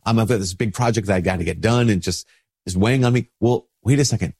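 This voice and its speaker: Priest, low husky voice, stuffed up from a cold, chatty and informal. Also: male voice, fast, darkish tone. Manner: conversational, informal, with many restarts and "like". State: sick with a stuffy nose. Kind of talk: casual spoken reflection.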